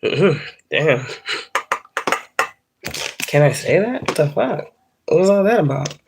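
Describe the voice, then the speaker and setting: Brief: congested woman in her 30s, low voice, rambling, swearing and laughing on a phone livestream. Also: big pitch swings, slow pace, creaky, noisy background. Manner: rambling, profane, laughs often. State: congested from allergies. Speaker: spiritual livestreamer. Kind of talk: casual livestream chat.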